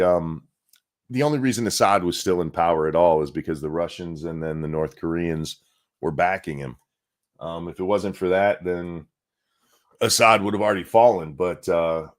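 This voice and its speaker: An American man hosting a casual livestream show, sarcastic and profane, reacting to news and reading out viewer donations. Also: low-pitched. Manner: sarcastic, profane, reads chat donations aloud. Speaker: podcast host.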